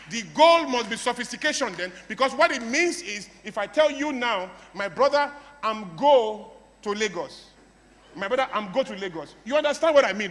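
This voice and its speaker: Bright, high-voiced Nigerian man in a hall. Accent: Nigerian English. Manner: playful, mimics broken English for laughs. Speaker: motivational speaker. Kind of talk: motivational talk to a live audience.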